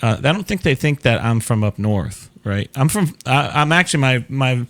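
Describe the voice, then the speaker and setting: A man's voice: mid-range voice, lively intonation, moderate pace, fairly bright tone. A man from Florida with a Southern accent, hosting a casual show and answering viewer questions in a rambling, chatty way. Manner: rambling, chatty, laughs often. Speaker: show host.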